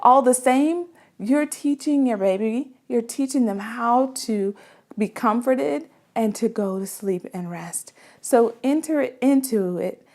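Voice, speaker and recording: Mom talking through parenting tips, kinda high voice, earnest and chatty, keeps asking "right?". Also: female voice, takes it slowly, a little mellow. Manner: earnest and conversational, with frequent "right?" asides. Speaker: mother giving parenting advice. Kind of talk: casual advice talk.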